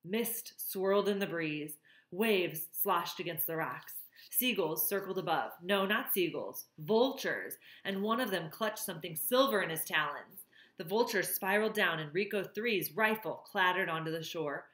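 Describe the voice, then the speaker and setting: A woman with a fairly low voice reads a novel aloud and now and then stops to comment on the plot. Her voice carries a roomy echo. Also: expressive, unhurried, a bit bright. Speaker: reader.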